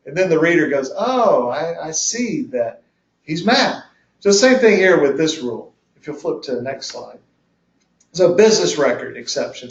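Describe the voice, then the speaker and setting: A man presenting a legal webinar in a conversational, folksy way, acting out courtroom examples as he explains the rules. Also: fairly high pitch. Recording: echoey room, distant mic, dull lo-fi.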